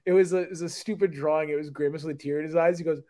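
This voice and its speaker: A man's voice: fairly high pitch, rapid-fire. Joking, profane male podcast host. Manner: joking, profane, animated storytelling. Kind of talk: casual chat.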